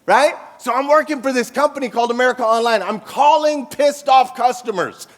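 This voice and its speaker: A man with a high, bright voice delivers a lively keynote talk, firing questions at the audience and joking as he goes. His voice comes through a stage mic and rings out in a long reverb from the large, dim hall. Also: a little fast. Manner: animated, jokey, engages the crowd with questions. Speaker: keynote speaker. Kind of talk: energetic conference keynote storytelling.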